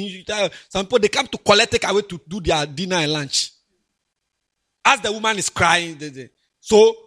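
Husky high-voiced Ghanaian preacher. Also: male voice. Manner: animated, swings from quiet asides to loud emphatic preaching. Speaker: pastor. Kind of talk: sermon.

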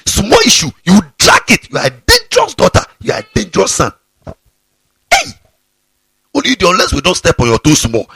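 A male pastor preaches a scolding sermon, his raspy, breathy voice swinging widely in pitch. He sits a bit high for a man and repeats phrases for emphasis. The sound is dry, with no room echo. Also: fairly bright tone. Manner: fiery, scolding, repeats himself. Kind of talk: sermon to students.

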